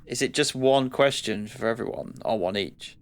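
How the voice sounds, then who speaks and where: A man's voice: medium pitch, normal speed. A man playing a tabletop game, goofy and playful in his banter. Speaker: player.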